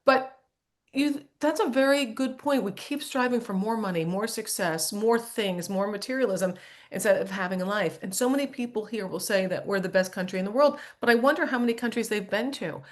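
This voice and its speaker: A woman comedian, a guest on a talk show, chatting in an animated, joking way and wandering off on tangents. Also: mid-range voice, fairly quick. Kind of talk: casual chat.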